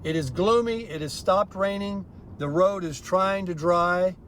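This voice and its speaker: A man's voice: high voice, a little slow, a bit bright, slight background noise. Rambling man vlogging from his car. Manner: rambling, offhand. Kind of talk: casual vlog talk. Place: in a car, driving.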